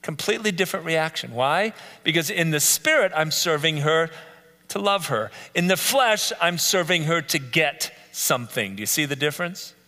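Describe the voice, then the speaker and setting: A man's voice: on the high side, animated, normal speed, sharp tone, long reverb tail. A man leading a live Bible study, earnestly listing traits one by one and repeating key phrases. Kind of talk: live teaching talk. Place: church meeting room.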